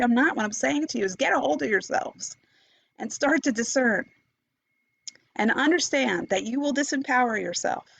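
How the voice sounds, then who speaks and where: A woman's voice: mid-range voice, creaky, fairly bright tone, no room sound. A woman meditation teacher in an impassioned, unscripted monologue, swearing freely and restarting her sentences. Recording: dull, dry, lo-fi recording.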